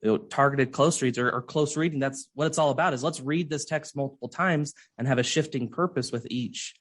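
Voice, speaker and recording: A man's voice: mid-range voice, fairly quick, a bit bright. A man discussing reading instruction as a podcast guest, earnest and thinking aloud with frequent restarts. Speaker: literacy researcher guest.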